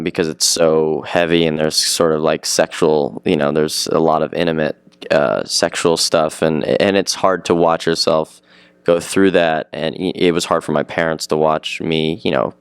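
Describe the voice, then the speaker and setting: A man's voice: low voice, fairly even intonation, normal speed, smooth, no echo. A seventeen-year-old male actor chatting eagerly in an interview, rambling and repeating himself as he talks. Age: teens. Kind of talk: casual interview chat.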